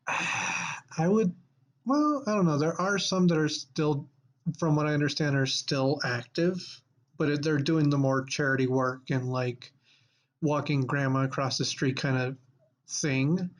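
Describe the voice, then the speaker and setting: Man podcast co-host, slightly raised pitch, casual chat, rambling. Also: a little slow. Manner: rambling, lots of fillers and restarts.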